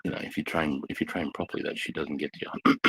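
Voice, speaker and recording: A man's voice: rumbling low, steady tone, fast, sharp tone, husky, rough recording. A middle-aged man with an Australian accent, a veteran telling blunt, swearing war stories in casual bar chat. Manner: blunt, heavy swearing, intense.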